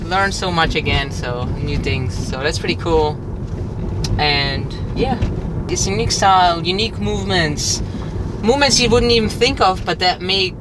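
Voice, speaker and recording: A boxer in training answering casually, talking in a relaxed way with lots of "like" and "you know.". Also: mid-range voice. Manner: relaxed, filler-heavy. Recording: noisy background.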